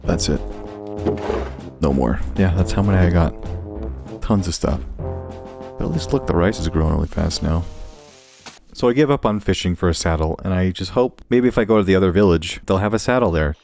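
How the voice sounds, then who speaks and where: A man giving casual, jokey gameplay commentary, animated and quick to yelp at his mishaps. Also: deep voice, creaky, music in the background. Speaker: gaming creator.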